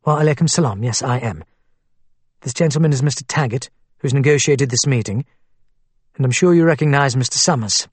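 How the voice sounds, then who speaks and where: A man's voice: medium pitch, fairly quick, breathy edge, no room sound, natural voice. A man voicing a poised, defiant woman nurse who speaks firmly and stays unflustered. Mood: calm. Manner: firm, unflustered, commanding.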